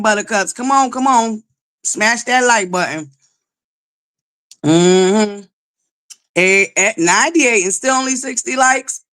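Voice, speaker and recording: A loud, belligerent woman hosting a live chat stream. Her voice is bright and forceful. She curses constantly, greets viewers by name and keeps demanding likes. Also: fairly high pitch, slow pace, long pauses. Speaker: livestream host. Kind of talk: profane live-chat commentary.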